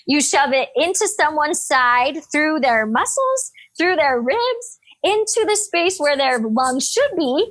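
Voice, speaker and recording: A woman in her thirties, a nurse and podcast guest, telling a story in an energetic, upbeat, animated way. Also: high-pitched, takes it slowly. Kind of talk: casual storytelling interview.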